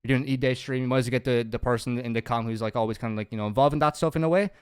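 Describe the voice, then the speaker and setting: A man's voice: medium pitch, fairly even intonation, racing, darkish tone, clean tone. An Irish man guesting on a podcast, chatty and teasing with crude jokes. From Ireland. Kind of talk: casual podcast chat.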